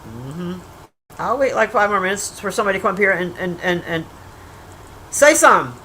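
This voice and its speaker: Bright-voiced foul-mouthed woman streamer. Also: on the low side, sing-song, a little hiss or hum, low-quality recording. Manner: profane, blunt trash-talking, teasing the chat; rambling with restarts and drawn-out asides. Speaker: livestreamer reviewing a movie. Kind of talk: casual livestream chat.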